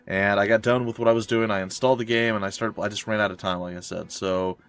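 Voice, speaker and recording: A man's voice: lowish voice, steady tone, fast talker, a bit bright, clean tone. A man hosting a let's play, chatting casually over gameplay with rambling, joking asides.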